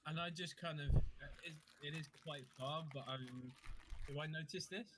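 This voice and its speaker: A man playing his character in a tabletop game, excitable and joking. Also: on the high side, normal speed, heavy background noise. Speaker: player. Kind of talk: casual tabletop play chat.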